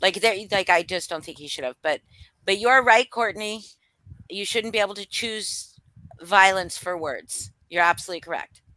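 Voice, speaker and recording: A woman with a bright, sharp voice speaks emphatically in a casual panel chat and swears freely. The sound is close and dry. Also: medium pitch, normal speed, dry recording, low-quality recording.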